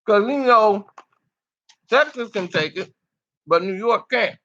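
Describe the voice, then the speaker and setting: A man's voice: sits high, lively intonation, slow pace, a bit bright, muffled recording. A man telling a story in casual street slang, loose and chatty, often tossing in "you know".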